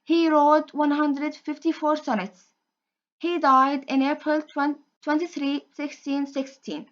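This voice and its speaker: A woman's voice: high voice, little pitch movement, unhurried, dull audio. A young woman giving a student presentation in class, speaking carefully and often repeating phrases as she goes.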